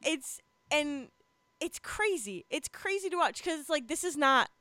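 A young woman chatting casually on a podcast, talkative and quick to laugh, with many fillers. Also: high voice, very animated, pushed and bright, dry recording. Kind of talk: casual chat about TV shows.

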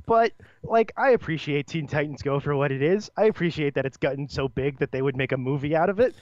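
A young man co-hosting a podcast in casual chat, rambling and animated, laughing often. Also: fairly high pitch, fairly quick, no echo, dull audio. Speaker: podcast co-host.

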